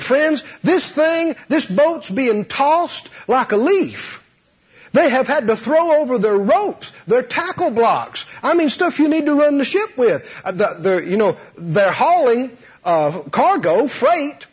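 Male preacher, high husky voice, animated delivery, dull lo-fi recording. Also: a little slow. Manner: animated, laughing, acts out voices. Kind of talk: sermon. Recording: dull lo-fi sound.

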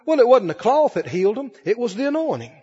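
High-voiced preacher in an echoing hall. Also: male voice, very animated, a little mellow, husky. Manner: preaching with call-and-response, dramatic pauses and acted quotes. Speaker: pastor. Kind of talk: sermon. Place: church service with a congregation. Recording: lo-fi broadcast with long hall reverb.

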